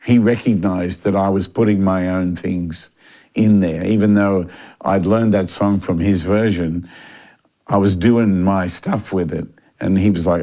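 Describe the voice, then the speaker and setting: An older man, telling a long story in a relaxed interview, with lots of fillers and restarts. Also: low voice, a little slow. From Australia. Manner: animated anecdotal delivery with frequent fillers and restarts. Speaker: interview guest.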